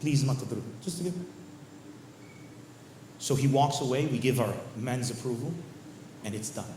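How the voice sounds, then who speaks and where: A male stand-up comedian telling a story on stage, animated and acting out characters. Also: medium pitch, normal speed, a little hiss or hum. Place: comedy show venue. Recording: echoey venue with faint ambience.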